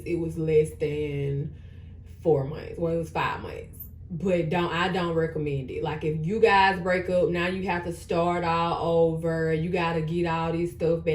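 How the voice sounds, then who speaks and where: A woman's voice: fairly low pitch, a little mellow, a little hiss or hum. A woman in her thirties giving casual advice while getting ready on a vlog. She talks emphatically and repeats her points for stress. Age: 30s. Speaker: vlogger. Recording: echoey room.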